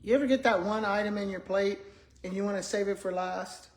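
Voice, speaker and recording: A retired school principal, 60s, keeps up casual chatter with y'all while eating, humming and murmuring between mouthfuls. She talks briskly in a mid-range voice that is steady in tone and a little mellow.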